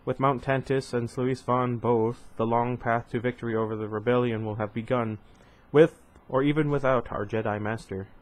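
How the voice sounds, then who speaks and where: A man voicing a cool, calculating male alien admiral in a measured, quietly menacing tone. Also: mid-range voice, steady tone, close to an everyday voice. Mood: calm, cool.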